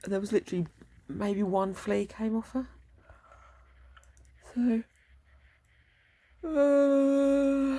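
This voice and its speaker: A woman's voice: a little high, little pitch movement, very slow, pauses often, mellow. A woman rambling casually to herself in a vlog, muttering and trailing off. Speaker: vlogger.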